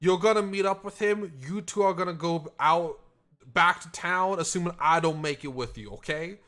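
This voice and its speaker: Bright-voiced man playing his character. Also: high voice, normal speed. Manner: urgent, hushed reassurance with many restarts. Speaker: player. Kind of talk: in-character tabletop role-play.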